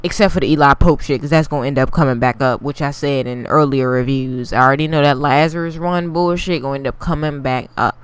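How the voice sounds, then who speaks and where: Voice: mid-range voice, fairly bright tone, smooth. A TV recap reviewer giving a casual, blunt, profane take and talking straight to the viewers. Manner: addresses viewers directly.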